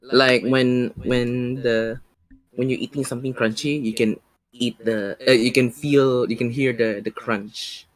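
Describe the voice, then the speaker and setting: Slow, hesitant man guest. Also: medium pitch, fairly even intonation. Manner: hesitant, many fillers. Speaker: podcast guest. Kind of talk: casual chat.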